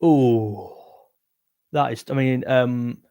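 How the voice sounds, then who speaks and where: A man's voice: medium pitch, very slow, dark tone, clean tone, dull audio. A young man, chatting casually on a livestream, reading viewer comments with a tired voice. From England. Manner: rambling, chatty, self-interrupting. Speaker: music livestream host.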